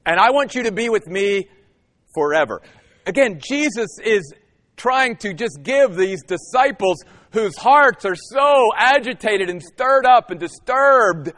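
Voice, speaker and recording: A man preaching a sermon as a pastor, emphatic and animated, with dramatic pauses. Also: on the high side. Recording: long hall reverb.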